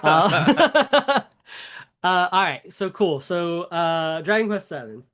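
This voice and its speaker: A man's voice: high voice, unhurried, a bit bright, clear, resonant tone. A man with a Southern US accent, co-hosting a podcast in a chatty, rambling way with many fillers. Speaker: podcast co-host. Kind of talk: casual chat.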